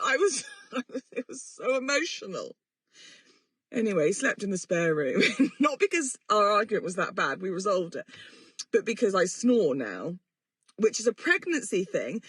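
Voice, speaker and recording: A woman's voice: medium pitch, very animated, brisk, fairly bright tone, breathy edge, no room sound. A woman, hosting a podcast in a rambling, self-mocking and sweary casual chat. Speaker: podcast host. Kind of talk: casual chatty monologue.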